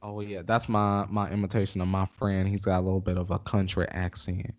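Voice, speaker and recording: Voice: sits low, level tone, fairly quick. A podcast co-host chatting casually with a sassy, playful manner.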